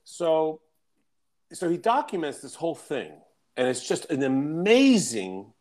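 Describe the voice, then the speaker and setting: A man who works as a coach, telling a story in casual chat, animated, swearing, and acting out the people he quotes. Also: fairly high pitch, a little slow.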